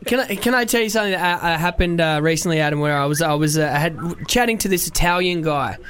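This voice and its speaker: A man's voice: on the high side, fast talker, fairly bright tone, clear, resonant tone. A man hosting a radio show, chatting casually and telling stories. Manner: chatty, tells anecdotes with acted quotes. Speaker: radio host.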